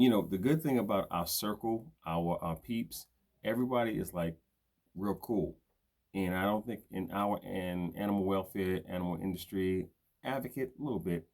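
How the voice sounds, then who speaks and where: Older Brooklyn man, very deep voice, New York accent, casual slangy live-stream host. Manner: streetwise slang, shouts out viewers by name. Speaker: host of a live video show.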